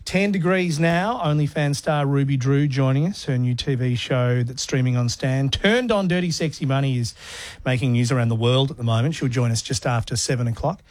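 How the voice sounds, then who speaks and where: A man's voice: medium pitch, brisk. A man with an Australian accent hosting breakfast radio, joking and chatting with co-hosts. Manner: chatty, jokey, animated retellings. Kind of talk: casual radio banter. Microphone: studio mic.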